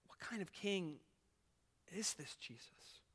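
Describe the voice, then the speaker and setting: A man's voice: high voice, expressive, slow pace, fairly bright tone, breathy edge. A man preaching a sermon as pastor, earnest and swelling and dropping in volume as he retells a scene. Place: church sanctuary. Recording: echoey church hall.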